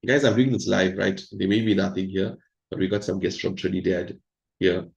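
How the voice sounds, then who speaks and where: A man hosting an online meeting, giving an animated, hyped presentation and talking straight to his audience over a video call. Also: deep voice, moderate pace, creaky, roomy sound, lo-fi sound. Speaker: host of an online crypto meeting.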